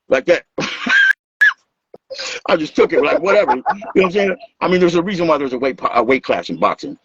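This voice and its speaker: This man from Los, a dancer and music maker, talks fast in a husky, slightly high voice while telling stories as an interview guest. He's animated and casual, acting out quotes, swearing freely and laughing. The dull lo-fi recording has no echo.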